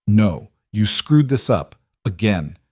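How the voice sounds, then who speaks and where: A man's voice: on the low side, big pitch swings, slow, darkish tone, slightly rough, dry recording, clean studio sound, full character voice. A man playing a worried, protective single dad. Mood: urgent protective. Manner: urgent, insistent. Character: protective, anxious single father.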